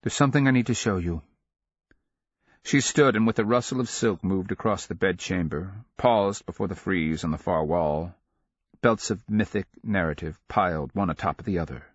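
A man narrating a fantasy audiobook in a measured, dramatic storytelling manner. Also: sits low, breathy edge, dry recording, highs cut off.

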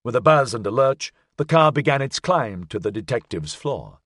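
A male narrator reading a novel with measured, expressive delivery and wide, lively swings in pitch. The sound is close and dry, with no room around it. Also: no room sound. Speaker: audiobook narrator. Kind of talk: scripted narration.

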